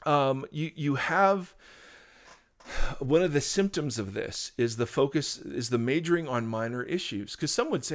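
A man's voice: mid-range voice, animated, a little slow. A man co-hosting a talk show, explaining faith in an earnest, preachy way with frequent restarts. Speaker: podcast co-host, pastor. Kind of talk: casual conversational teaching.

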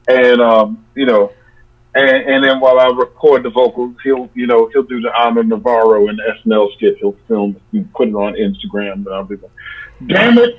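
A man with a husky, medium-pitched voice appears as a musician guest in a casual interview, chatting in a playful, rambling way and tossing out joking nicknames. The recording has a dull, lo-fi sound.

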